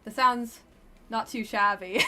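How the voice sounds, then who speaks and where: A woman streamer chatting her way through a dating game live, blunt and wry in her remarks. Her voice is bright and sits a little high, with a loose, offhand delivery. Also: fairly even intonation, takes it slowly. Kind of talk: casual live-stream commentary.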